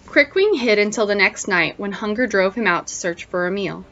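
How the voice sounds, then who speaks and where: A woman teacher reading a picture book aloud to children in an expressive storytelling way, pausing to ask them questions, on a dull lo-fi recording. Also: medium pitch, slight background noise.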